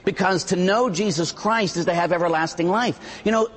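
Man, middle-aged priest, sermon, husky voice, long hall echo. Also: high voice, normal speed. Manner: animated, mimics voices and sound effects. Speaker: Catholic priest.

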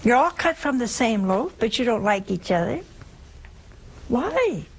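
A woman's voice: a little high, big pitch swings, a little slow, a little hiss or hum, low-quality recording. A woman giving a folksy religious talk, telling stories and asking rhetorical questions. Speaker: religious speaker. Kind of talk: sermon-style talk.

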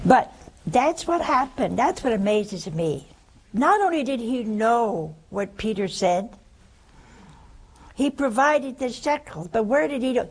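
Older female preacher, gravelly, unhurried, folksy and animated, faint hiss behind. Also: mid-range voice, low-quality recording. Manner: folksy and animated, swinging between loud bursts and hushed asides. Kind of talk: sermon.

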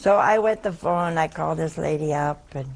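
A woman's voice: sits low, a little fast, gravelly, rough recording. An older woman, a nun, telling a funny personal story to an audience in a folksy, self-mocking way. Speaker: nun, head of a religious community.

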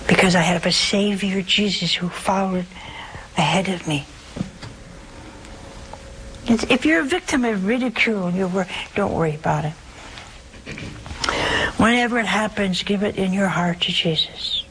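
A woman hosting a call-in show as a religious sister, giving emphatic spiritual advice with wide swings in pitch. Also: normal speed, long pauses, a bit bright, slight background noise, rough recording.

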